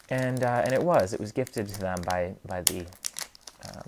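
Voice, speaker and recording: A man's voice: medium pitch, moderate pace, a little mellow, a little hiss or hum. A man hosting a card unboxing, telling a long story casually with lots of hedging and ums. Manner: meandering, hedging, many ums and restarts. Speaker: card unboxing channel host. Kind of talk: casual rambling storytelling while unboxing cards.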